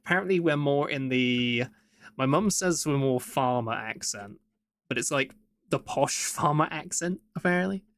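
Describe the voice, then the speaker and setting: A man from England with a Midlands accent chats and rambles casually while drawing on a live stream, chuckling often. His voice is mid-range and a little bright, at a moderate pace.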